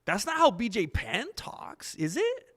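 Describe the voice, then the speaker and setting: A man with a fairly high voice hosting a loose, casual livestream. He rambles, reacts to the chat as he goes, and fills his pauses with plenty of ums. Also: huge pitch swings, fairly bright tone. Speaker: livestream host. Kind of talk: casual live-stream chat.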